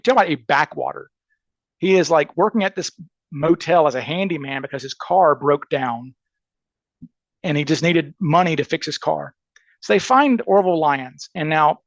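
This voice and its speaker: A man, a criminal defense attorney, telling a story casually as a podcast guest, animated and restarting often. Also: on the high side, gravelly, no echo, lo-fi sound. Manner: animated, acts out quoted voices, frequent restarts.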